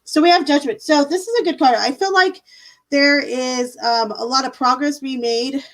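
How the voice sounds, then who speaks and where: A woman's voice: high voice, moderate pace, fairly bright tone, low-quality recording. A woman giving a live-stream tarot reading in a casual, chatty way, full of fillers and "like"s. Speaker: tarot reader.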